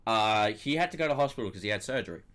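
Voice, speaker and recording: A young man hosts a casual podcast chat, rambling through long stories with hesitant restarts. His voice sits a bit low but sounds bright. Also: animated, rapid-fire. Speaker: podcast host.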